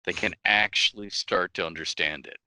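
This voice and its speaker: A man, a guest author on a casual podcast interview, telling animated stories, laughing often and acting out quotes. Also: deep voice, normal speed, no room sound. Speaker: guest game-world author.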